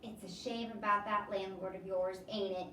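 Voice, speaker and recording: A woman's voice: medium pitch, fairly even intonation, moderate pace, bright, forceful tone, roomy sound, distant mic, a little hiss or hum, natural voice. A woman voicing a laid-back older drifter man with a folksy drawl, reading a storybook aloud.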